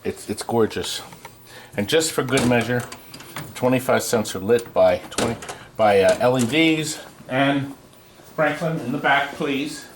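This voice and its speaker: A man's voice: medium pitch, a little slow, noisy background. A man co-hosting a casual show about restoring arcade games, talking enthusiastically and cracking jokes. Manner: chatty, enthusiastic, reads aloud and jokes. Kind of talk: casual on-camera show and tell. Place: amusement game shop or warehouse.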